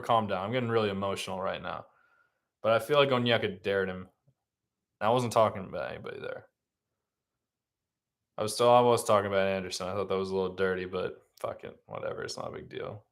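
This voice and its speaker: Casting: man in a lowish voice, live sports watcher, cursing, loud bursts and low muttering. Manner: emotional, swearing, swings from muttering to shouting. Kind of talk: casual live reaction commentary.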